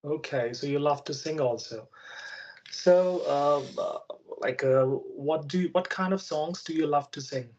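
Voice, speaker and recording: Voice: mid-range voice, unhurried, darkish tone, slight background noise. An adult interviewer with a mid-range voice runs a casual English practice chat. They speak hesitantly, stopping often for fillers, and patiently explain ideas. The audio is slightly dull and lo-fi.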